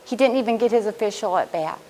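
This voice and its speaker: A woman in her fifties stands to give a prepared speech as a student speaker. Her voice sits in a middle pitch, and she tells her own story in an earnest, heartfelt way. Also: fast, mellow, rough recording. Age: 50s.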